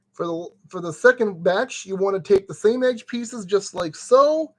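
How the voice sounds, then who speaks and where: A man's voice: sits high, takes it slowly. A man streaming casually and talking himself through a brick-kit build step by step. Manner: chatty, talks himself through each step.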